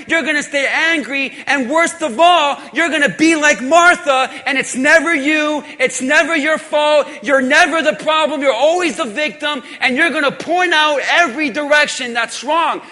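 A man preaching a sermon as pastor, emphatic and repetitive, swinging from loud declarations to quiet intensity, in a large church hall. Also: very high voice. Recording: long hall reverb.

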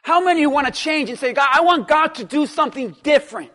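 A man preaching a sermon as pastor, emphatic and repetitive, swinging from quiet talk to shouted lines. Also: extremely high pitch, lively intonation, fast talker, long reverb tail. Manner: repeats phrases for stress.

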